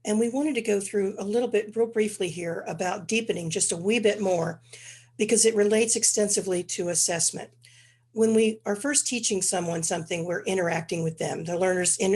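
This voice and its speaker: A congested woman presenting an educational webinar in a measured, explanatory way. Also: on the low side, darkish tone, husky. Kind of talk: educational lecture.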